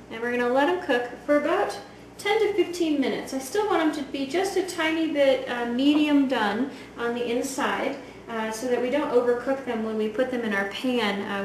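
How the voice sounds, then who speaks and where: A woman giving a chatty, enthusiastic cooking demonstration in a home kitchen. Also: on the high side. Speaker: home cook. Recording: echoey kitchen, voice from far off, loud frying noise.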